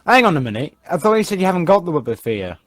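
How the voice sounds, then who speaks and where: Guy on a podcast, kinda high voice, dry close sound, animated, does impressions. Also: rapid-fire, no room sound. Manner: animated, breaks into character impressions. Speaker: podcast co-host. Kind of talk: casual chat.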